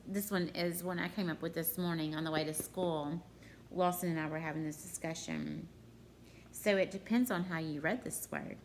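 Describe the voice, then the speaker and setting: Slow, chatty woman teaching. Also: low-pitched, gravelly, a little hiss or hum. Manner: chatty, talks straight to her students. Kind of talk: home grammar lesson.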